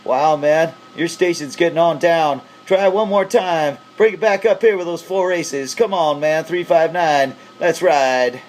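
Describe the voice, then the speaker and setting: A man's voice: on the high side, measured pace, hardly any pauses, darkish tone. A man from the Pacific Northwest chatting on CB radio, upbeat and hyping up the other station. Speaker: CB radio operator. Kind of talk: casual radio chat.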